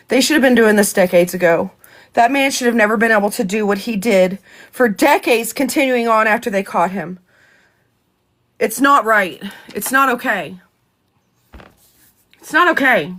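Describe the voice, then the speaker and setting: Fired-up high bright woman ranting. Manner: heated, profane, fast-talking. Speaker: political commentary vlogger. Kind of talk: angry live rant.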